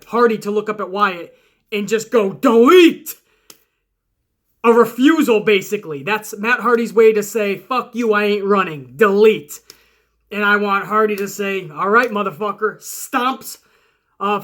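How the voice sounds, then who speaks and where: A man casually laying out his wrestling booking ideas in a profane, rambling, enthusiastic monologue. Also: high-pitched. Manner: profane, rambling, heavy swearing; enthusiastic, animated storyteller. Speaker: wrestling fantasy-booking vlogger.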